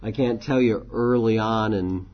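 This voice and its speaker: A man's voice: lowish voice, a little slow, muffled recording. A man who is a pastor, teaching a church leadership class in a conversational way, with frequent ums and restarts.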